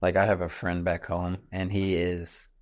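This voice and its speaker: Deep-voiced man in his thirties. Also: completely flat delivery, moderate pace, a little mellow. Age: 30s. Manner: earnest, reflective storytelling. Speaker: podcast host. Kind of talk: casual conversation.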